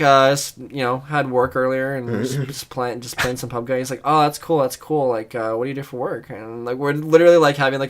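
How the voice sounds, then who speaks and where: A man's voice: medium pitch, fairly bright tone, a little hiss or hum. A man co-hosting a podcast, telling a rambling game story in casual chat, full of fillers and swearing. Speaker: podcast co-host.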